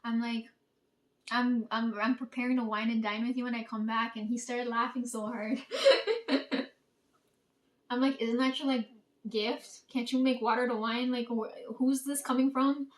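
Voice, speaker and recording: Woman, casual storytelling, profane, laughs often, slightly high voice, a bit distant from the mic. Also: little pitch movement, moderate pace, pauses often. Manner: chatty, profane, laughs while retelling. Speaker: channel host.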